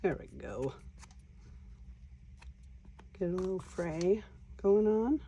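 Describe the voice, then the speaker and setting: A woman hosting a casual crafting vlog, talking quietly to herself as she works. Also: on the low side, animated, slow, a little hiss or hum. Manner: quiet, mutters to herself while working. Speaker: crafting channel host.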